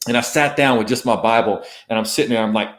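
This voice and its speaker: A man's voice: medium pitch, fast talker, fairly bright tone. A middle-aged man, a missionary guest, telling an emotional personal story in a podcast interview, earnest and often repeating himself.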